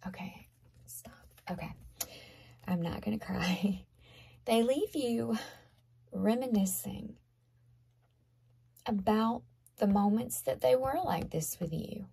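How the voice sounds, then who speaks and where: A woman speaks slowly through a tarot reading, her low voice gravelly and husky. She talks to the viewer in an earnest, conversational way and often sinks into soft half-whispers. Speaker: tarot reader.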